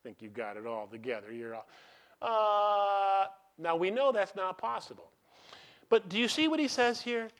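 A middle-aged man preaching a sermon as a pastor. He asks the congregation questions and lets them answer, and he swings between loud emphatic bursts and quiet asides. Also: sits high, sing-song, normal speed. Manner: call-and-response questions to the congregation.

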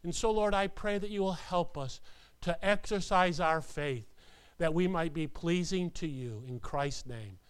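A pastor delivering a playful, animated sermon, full of laughter and put-on voices. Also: male voice, on the high side, measured pace, clear, resonant tone.

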